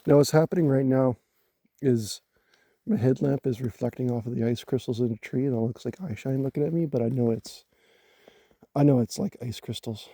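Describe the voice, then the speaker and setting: A man from Canada talking casually to his phone in the woods at night, halting and musing as he repeats words while gathering his thoughts. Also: medium pitch, dark tone, breathy edge, no echo. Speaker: vlogger. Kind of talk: casual rambling talk to camera. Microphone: handheld phone.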